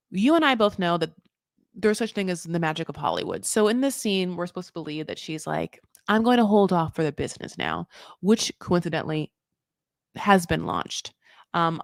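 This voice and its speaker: A woman with a fairly low voice gives a loose, rambling recap, packed with fillers and casual swearing. She jumps into high mock voices to act out quotes. The sound is close and dry. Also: gravelly, a bit bright, no echo. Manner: chatty, full of "like" fillers, swears freely. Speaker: recap show host.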